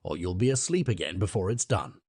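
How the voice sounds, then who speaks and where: A man voicing a smug, rude hatter in an audiobook, quick with rude, pleased-with-himself remarks. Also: low voice, animated, a little mellow, husky, no echo, clean studio sound, full character voice. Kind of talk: audiobook character voice.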